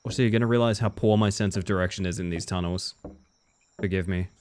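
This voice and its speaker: A man's voice: deep voice, steady tone, quick pace, darkish tone, a little hiss or hum. A man streaming a video game live, chatting casually with viewers and reacting to the game as he plays. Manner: chatty, answers chat and reacts to the game as he goes. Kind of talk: casual live-stream commentary while playing.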